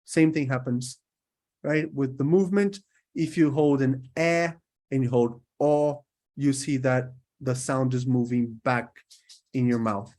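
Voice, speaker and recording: A man's voice: medium pitch, a little slow, darkish tone. A man from Brazil teaching English pronunciation in a recorded lesson, holding out vowel sounds to demonstrate them and checking in with his listeners again and again. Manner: checks in often with "right?".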